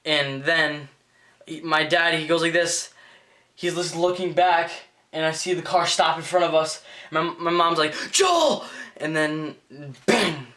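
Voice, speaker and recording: Teen male vlogger, bright and slightly high voice, rambling and excitable storytelling. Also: measured pace. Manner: rambling, excitable, lots of "like" and restarts. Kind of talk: casual storytelling vlog.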